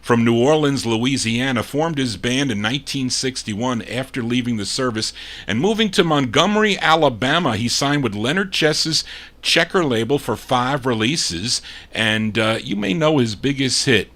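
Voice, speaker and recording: A man's voice: medium pitch, animated, normal speed, fairly bright tone. Chatty man spinning oldies records. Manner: chatty, reads label details aloud, stumbles and self-corrects. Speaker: radio show host. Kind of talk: casual record-spinning DJ patter.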